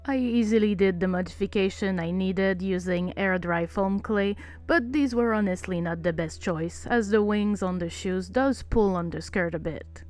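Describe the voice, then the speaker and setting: A woman's voice: medium pitch, normal speed, few pauses, darkish tone. French Canadian woman narrating her craft vlog. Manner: chatty, self-deprecating, sincere. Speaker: doll artist narrating her build. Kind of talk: voice-over narration of a craft video. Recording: voice-over with faint background music.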